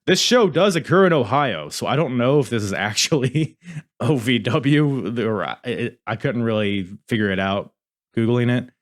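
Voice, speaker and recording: A man's voice: medium pitch, lively intonation, moderate pace. A man hosting a podcast in casual review chat, rambling and swearing, often cutting himself off mid-sentence. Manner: rambling, profane, self-interrupting. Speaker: podcast host.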